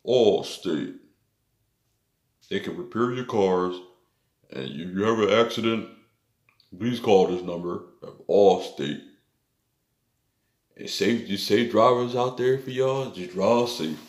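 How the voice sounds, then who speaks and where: A man imitating a calm older male insurance pitchman with a slow, reassuring sales delivery. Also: echoey room.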